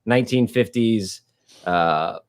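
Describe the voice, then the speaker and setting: A man, a podcast co-host and high school teacher, chatting casually and laughing often. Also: slow pace. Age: adult, high school teacher.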